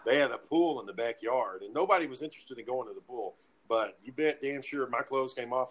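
A man's voice: mid-range voice, brisk, poor audio. A man casually telling friends a wild party story, swearing freely and acting out what everyone said. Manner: profane, animated retelling with acted-out quotes.

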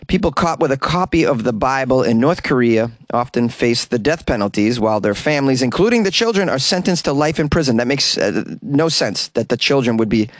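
A man's voice: medium pitch, dry recording. Sarcastic man in a dead-dry closet. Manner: sarcastic, joking asides. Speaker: podcast host. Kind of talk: comedic news commentary. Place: small closet.

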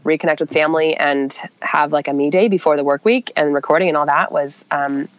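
A woman's voice: deep voice, steady tone, a little fast, dry recording. A woman co-hosting a podcast, chatting casually and upbeat with many fillers, her voice nasal from a cold. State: nasal, getting over a cold. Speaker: podcast co-host. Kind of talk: casual chat. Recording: dull, dry sound.

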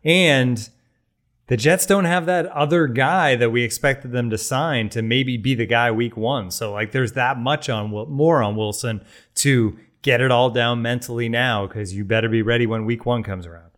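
A man's voice: medium pitch, moderate pace, fairly bright tone. A man hosting a casual sports talk show, steering the conversation and setting up clips. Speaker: show host.

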